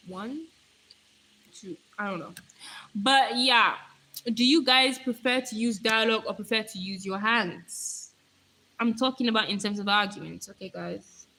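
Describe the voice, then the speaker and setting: A young woman chats playfully and aimlessly to her live stream viewers, reacting to their comments along the way. Her bright, fairly high voice is turning slightly hoarse from talking, and the recording is rough.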